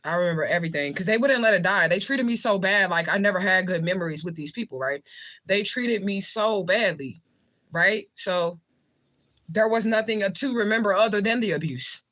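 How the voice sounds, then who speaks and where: A woman from the United States with a medium-pitched, slightly bright voice speaks at a moderate pace. She is a spiritual reader hosting a livestream, answering viewer comments in a casual, blunt, jokey style with heavy profanity and frequent laughter.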